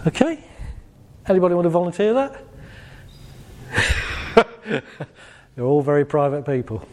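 A man giving a jokey, conversational motivational talk to a live audience, acting out voices as he goes. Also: sits high. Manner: animated, conversational, jokey, acts out quoted voices. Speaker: motivational speaker. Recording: long hall reverb.

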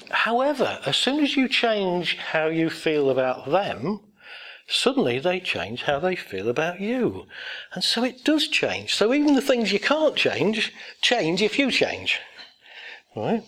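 A man's voice: high voice, a bit bright. A man giving a motivational talk to an audience, blunt and rambling, telling anecdotes with self-deprecating laughs.

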